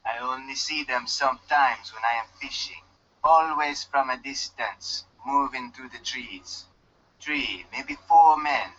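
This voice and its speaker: A curt island loner, put-on Jamaican lilt. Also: male voice, medium pitch, a little slow, bright, forceful tone. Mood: gruff. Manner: stiff and curt, no contractions. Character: guarded loner fisherman marooned on an island. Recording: dull lo-fi game audio.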